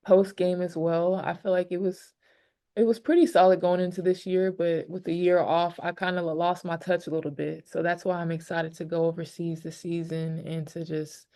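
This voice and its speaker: Young woman pro athlete at the podium, low gravelly voice, reflective and candid. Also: dark tone. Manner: candid, reflective, many fillers. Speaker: pro basketball player. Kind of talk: press conference answers.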